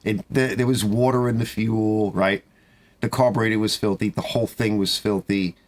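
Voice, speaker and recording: A middle-aged man who runs a small-engine repair shop, telling rambling, exasperated stories about customers in a casual monologue from his garage. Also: moderate pace. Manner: rambling, exasperated storytelling with animated pitch swings.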